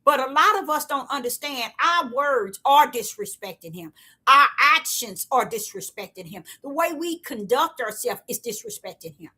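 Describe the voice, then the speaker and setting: A woman giving a casual, repetitive spiritual talk to her viewers in a preachy, excitable way. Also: high-pitched, moderate pace. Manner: preachy, repetitive, excitable, African American Vernacular English. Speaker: online preacher.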